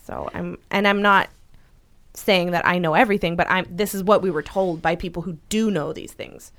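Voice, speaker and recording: A woman's voice: on the low side, fairly even intonation, moderate pace, fairly bright tone. A woman co-hosting a podcast, talking earnestly and reassuringly with a partner, often restarting her thoughts. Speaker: podcast co-host, supporting partner. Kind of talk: casual chat.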